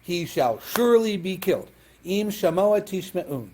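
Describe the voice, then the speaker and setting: Leading a Talmud class, a rabbi walks through each text step by step and checks that his students keep up, weaving Hebrew and Aramaic terms into plain speech. His mellow voice is a bit high for a man, sing-song and slightly slow, with a little hiss or hum in the recording.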